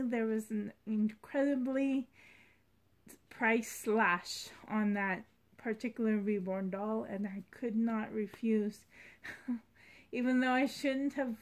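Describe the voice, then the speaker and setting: A woman vlogging about her doll collection in a rambling, heartfelt way. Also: on the high side. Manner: rambling, heartfelt, soft-spoken. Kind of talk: casual vlog chat.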